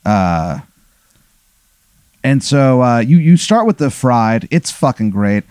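A man's voice: medium pitch, takes it slowly, clear, resonant tone, no room sound. A young man running an improvised comic scenario as game master, casual and profane. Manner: casual, swears a lot, animated retelling. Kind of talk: improvised comedic storytelling.

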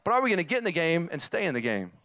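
A man's voice: fairly high pitch, sing-song, racing, fairly bright tone, smooth, dry recording. A man in his forties with a Southern accent, preaching a sermon with emphatic, repeated phrases that build up. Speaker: pastor.

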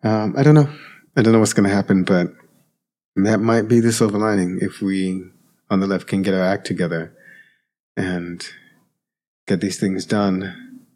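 A man's voice: deep voice, steady tone, moderate pace, pauses often, a little mellow. A man, a podcast host, reflecting casually on politics in a hesitant way, with many fillers and restarts.

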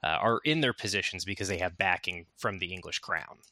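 Bright-voiced man in a film chat. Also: deep voice, no room sound. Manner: enthusiastic, halting restarts. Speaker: podcast co-host, teacher. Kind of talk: casual film discussion.

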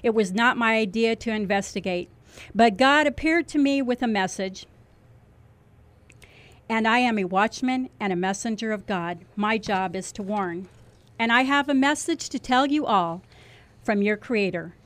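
A woman delivering a fervent religious warning as a self-styled watchman, declaiming with heavy emphasis and dropping low on key words. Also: normal speed. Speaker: self-described watchman preacher.

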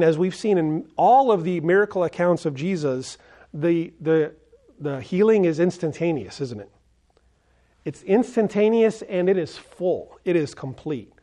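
A pastor delivers a sermon in a somewhat high voice for a man. He speaks earnestly, often turning to his listeners with questions. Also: warm tone. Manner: earnest, asks the congregation questions.

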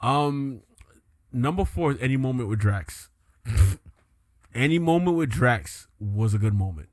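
A man hosting a casual podcast chat, animated and laughing often, slipping into joking put-on voices. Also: mid-range voice, a little slow, no room sound, clean studio sound. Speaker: podcast host.

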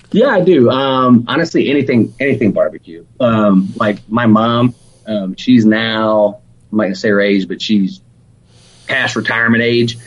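Husky Alabama pitmaster, laid-back talker. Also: male voice, on the low side, low-quality recording. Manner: animated and laid-back, sprinkled with "man" and "dude". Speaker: competition barbecue pitmaster, guest. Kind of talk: casual podcast interview.

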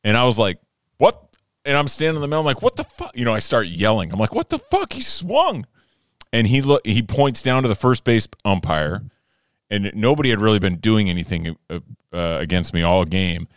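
A young man co-hosting a podcast, chatting casually and telling stories, animated and swearing freely, shouting when he acts out his anger. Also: lowish voice, fast talker, smooth, dry recording, studio quality. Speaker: podcast co-host. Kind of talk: casual chat, storytelling.

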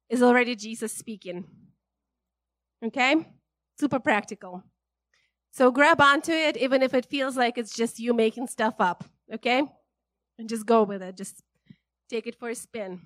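High-voiced woman preaching casually. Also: no room sound. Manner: chatty and animated, laughs often, many "right?" tags. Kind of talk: casual, conversational sermon.

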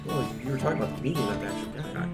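A man's voice: mid-range voice, expressive, very fast. Joking guy in a podcast chat, bouncy voice, guitar music going under him. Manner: joking, laughs often.

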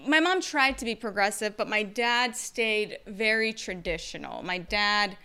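Bright, crisp, energetic young woman. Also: mid-range voice. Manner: energetic and expressive, talks fast with laughs and playful asides. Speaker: vlogger sharing her story. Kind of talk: casual personal storytelling to camera.

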